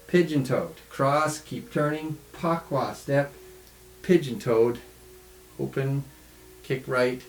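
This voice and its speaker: A man teaching tai chi in a home studio, calmly calling out the steps of a follow-along routine. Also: medium pitch, slight background noise. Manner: calm, relaxed, calls out steps slowly. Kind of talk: follow-along movement instruction. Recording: echoey studio room.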